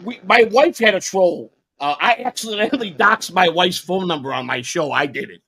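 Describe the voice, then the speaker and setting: A man in casual podcast chat, loud, profane and quick to blow up in anger. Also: high-pitched, lively intonation, a crowd in the background. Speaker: podcast guest.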